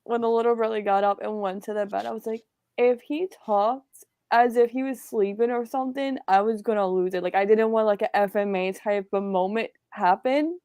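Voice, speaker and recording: A woman's voice: mid-range voice, fairly even intonation, brisk, a little mellow, clear, resonant tone, no room sound. Woman co-host, chatty, heavy on "like", dry close sound. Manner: chatty, fills speech with "like". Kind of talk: casual film review chat.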